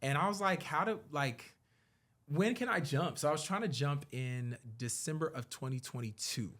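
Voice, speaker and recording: Male podcast guest, animated storyteller, earnest, acts out dialogue. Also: fairly high pitch, moderate pace. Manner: earnest and reflective when talking about his work and faith. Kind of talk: conversational storytelling.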